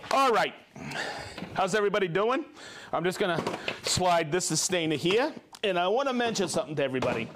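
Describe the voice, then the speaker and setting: A man hosting a casual live tool demo stream, chatty and excitable, calling out viewers. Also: on the high side, noisy background. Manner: excitable, bursts into shouts of joy; chatty, reads viewer shout-outs.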